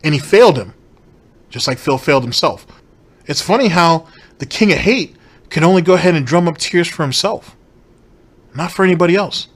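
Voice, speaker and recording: Brief: male commentator, slightly higher voice, blunt and cursing, repeats for emphasis. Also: expressive, normal speed, pauses often, breathy edge. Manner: blunt, profane, emphatic repetition. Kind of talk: reaction commentary.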